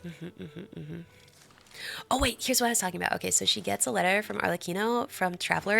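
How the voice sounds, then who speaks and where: A woman's voice: medium pitch, fairly quick, gravelly, bright, forceful tone. A young adult woman streaming live, chatting with her viewers in a bubbly, giggly, gushing way.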